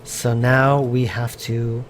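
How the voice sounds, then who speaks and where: A man's voice: mid-range voice, flat delivery, takes it slowly, slight background noise. A man casually thinking aloud as he works during a live stream, rambling with fillers and restarts, answering viewer chat. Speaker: game developer streaming his work. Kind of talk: casual live-stream commentary while working.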